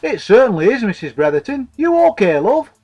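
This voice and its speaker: A man's voice: high voice, very animated, a little fast, darkish tone, soft background music, pitched above the performer's own voice. A man voicing a jovial, wily fat man, chortling and using mock-grand words.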